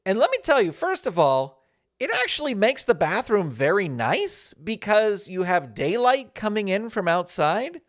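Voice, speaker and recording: A man hosting a podcast, telling a casual anecdote in an animated way and acting out the other people in it. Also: high-pitched, measured pace. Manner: animated, acts out the voices of others in his anecdotes. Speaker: podcast host. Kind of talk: casual storytelling.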